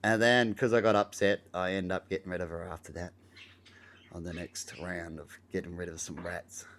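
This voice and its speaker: Australian man, lowish voice, casual rambling storyteller who acts out bits loudly. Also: level tone, normal speed. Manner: rambling, acts out scenes with loud exclamations. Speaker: vlogger.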